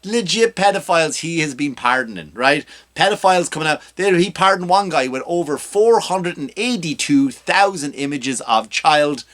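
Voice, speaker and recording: A man's voice: on the high side, animated, moderate pace, hardly any pauses, fairly bright tone. A male comedian hosting his own podcast, delivering a ranting, self-mocking comedic monologue.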